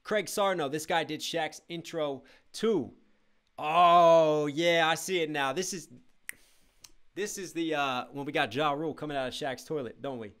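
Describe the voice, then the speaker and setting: Excitable young man reacting live. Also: fairly high pitch, normal speed. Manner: excitable, breaks into shouts and explains rhyme schemes. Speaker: music reaction streamer. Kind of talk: live reaction stream, reading chat.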